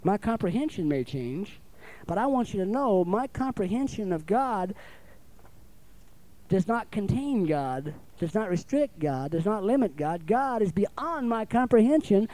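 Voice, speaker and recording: A man preaching with a high but mellow voice. He talks in a folksy, conversational way, keeps asking the congregation for an amen, and acts out little exchanges himself. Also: very animated, moderate pace, rough recording. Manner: folksy, calls for amens, acts out little dialogues. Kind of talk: sermon.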